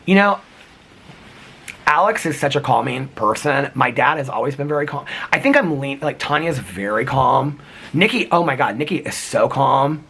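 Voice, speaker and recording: Husky-voiced man rambling earnestly. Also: mid-range voice, expressive, normal speed, bright, forceful tone. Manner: earnest, rambling, heavy use of "like" and restarts. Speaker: vlogger. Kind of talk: casual reflective talk to camera.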